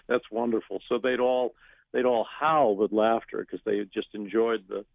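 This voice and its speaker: A man telling stories in a phone interview, animated, laughing often and restarting his sentences. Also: on the low side, moderate pace, creaky, dry recording. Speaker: actor guest. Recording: phone line.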